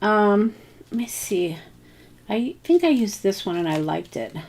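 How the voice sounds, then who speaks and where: A woman talks herself through a crafting project at an unhurried pace, pausing often with ums and murmured asides. Her voice sits at a medium pitch, and her tone is casual and thinking-aloud rather than presented. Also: big pitch swings, a little mellow, slight background noise. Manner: musing, hesitant, many ums and self-talk. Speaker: craft channel host.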